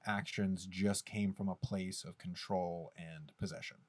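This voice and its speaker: A man's voice: low voice, fairly even intonation, unhurried, darkish tone, no room sound, studio quality. A man co-hosting a podcast, musing about an old film in a rambling, casual way full of "like". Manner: rambling, filler-heavy musing. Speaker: podcast co-host.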